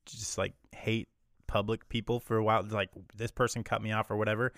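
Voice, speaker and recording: A man's voice: lowish voice, little pitch movement, fairly quick, a bit bright, dry recording, clean studio sound. Laughing young man chatting casually. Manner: laughs often, rambling and jokey. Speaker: podcast co-host. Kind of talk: casual chat.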